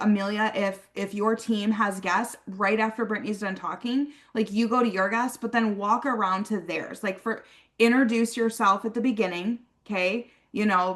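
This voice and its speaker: Chatty woman coaching her sales team. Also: fairly bright tone. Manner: acts out sample dialogues in a higher, livelier voice; chatty, peppers talk with "okay?" and "like". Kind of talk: casual coaching talk on a team call.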